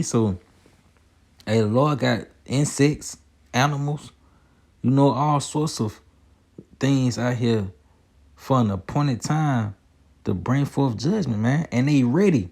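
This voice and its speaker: A man preaching a casual sermon over video clips, reading scripture slowly and ending his lines with "man". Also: mid-range voice, gravelly, a little mellow. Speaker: street preacher.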